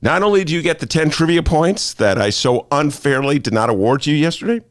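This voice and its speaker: A man's voice: a little high, expressive, brisk, dry recording. A man hosting a talk show in a studio, joking and self-mocking in a playful monologue. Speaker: host.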